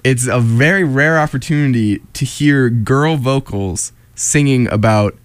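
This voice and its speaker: A young man hosting a late-night college radio show, chatting in a relaxed, joking way with frequent laughs. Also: mid-range voice, unhurried, clean tone, dry recording. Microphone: studio microphone.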